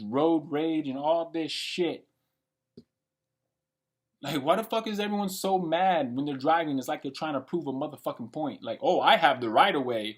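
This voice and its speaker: A man in his late twenties giving a blunt, profane and rambling monologue for his vlog. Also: fairly high pitch. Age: late 20s. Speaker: vlogger. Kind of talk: unscripted rant monologue.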